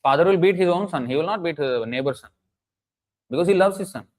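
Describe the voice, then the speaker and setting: A man's voice: fairly high pitch, expressive, fast talker, rough recording. A man giving an earnest, emphatic sermon, often restarting phrases and chanting Sanskrit verses. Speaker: preacher. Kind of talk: sermon lecture.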